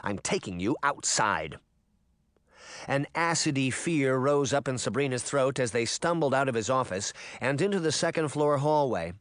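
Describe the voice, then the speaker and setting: A man narrating an audiobook chapter in an expressive storytelling manner. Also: mid-range voice, moderate pace, hardly any pauses, no echo, clean studio sound. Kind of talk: scripted narration.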